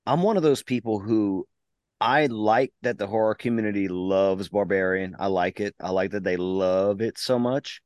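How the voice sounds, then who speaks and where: A man's voice: on the low side, normal speed, a little mellow, no room sound. A man co-hosting a podcast, joking around and going off on rambling tangents, with swearing. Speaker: podcast co-host. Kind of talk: casual podcast chat.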